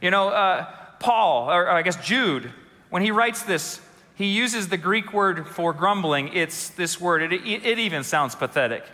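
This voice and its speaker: A man preaching in a church sanctuary, his high, bright voice ringing out with a long reverb behind it. He tells funny stories and keeps turning to the congregation with questions. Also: animated, a little slow. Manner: storytelling with humor and audience questions. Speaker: pastor. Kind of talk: sermon.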